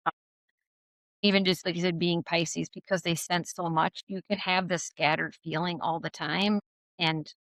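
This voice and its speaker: In a recording with no room sound, this podcast host speaks with a lowish voice at a moderate pace. She conducts an interview conversationally, animated throughout, frequently performing quotes in a raised voice.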